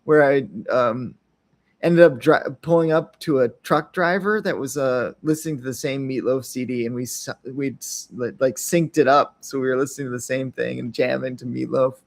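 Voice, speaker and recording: A man's voice: mid-range voice, fairly even intonation, normal speed, creaky. A man hosting an unscripted podcast, talking in a loose, rambling way, often checking in with "right?" and briefly acting out little quotes. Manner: rambling, frequent tag questions, acts out little quotes. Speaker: podcast host.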